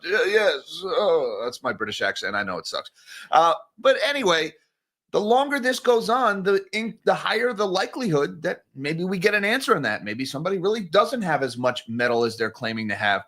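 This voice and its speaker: Bright-voiced sarcastic male commentator. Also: fairly high pitch. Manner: sarcastic, rambling, animated asides. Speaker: finance commentator. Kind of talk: casual solo commentary.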